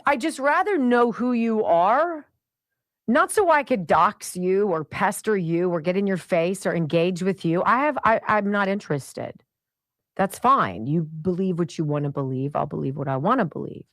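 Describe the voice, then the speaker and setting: Animated woman talk radio host. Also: lowish voice, normal speed, dry recording. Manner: animated and indignant, addresses people directly. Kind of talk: opinionated talk radio commentary.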